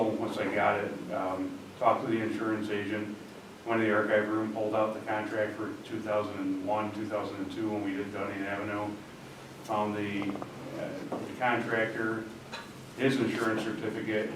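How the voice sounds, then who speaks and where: A man with a low voice gives a halting report at a village board meeting, pausing on many ums and restarts. He sounds far from the mic in a strongly echoing room, with steady background noise. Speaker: village official giving a report.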